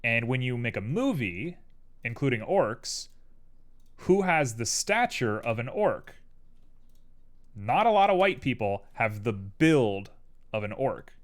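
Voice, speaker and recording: A man's voice: medium pitch, slow, long pauses. Young male streamer, casual and rambling, typing audible under his chatter. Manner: rambling, tangential, animated. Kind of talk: casual live-stream chat while 3D modeling. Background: keyboard clicks and typing.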